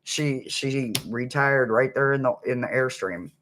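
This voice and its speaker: A man's voice: mid-range voice, a little slow, a bit bright, a little hiss or hum. A man chatting casually to viewers on a livestream, rambling between stories and humming snippets of songs. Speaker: livestream host.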